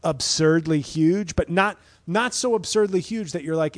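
A man in his thirties talks alone into a podcast mic in a loose, rambling monologue, wry and freely profane. His voice sits a bit high for a man. The sound is close and dry, with no room in it. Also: moderate pace, few pauses, dry recording. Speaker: podcast host and stand-up comedian. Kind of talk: casual solo podcast monologue.

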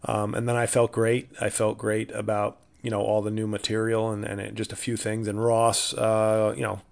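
A man's voice: fairly low pitch, monotone, moderate pace, vocal fry. A man hosting a solo podcast who tells rambling, self-deprecating stories full of asides and restarts. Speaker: comedian podcast host.

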